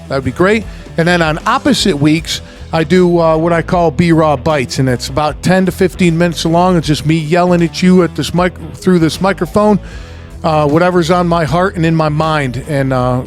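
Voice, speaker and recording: Profane, loose-talking podcast host. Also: male voice, on the high side. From upstate New York. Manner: loose and profane, quick asides. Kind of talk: casual podcast chat.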